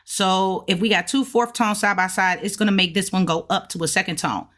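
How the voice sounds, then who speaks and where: A woman's voice: mid-range voice, steady tone, brisk, fairly bright tone. A woman hosting a casual video lesson, explaining step by step and drawing out sounds to demonstrate them. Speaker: host of a language-learning channel.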